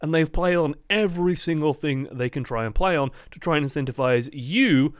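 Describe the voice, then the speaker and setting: A man hosting a gaming video, delivering a sarcastic, animated rant. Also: fairly high pitch, moderate pace, clear, resonant tone, dry recording, clean studio sound. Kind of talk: ranting commentary.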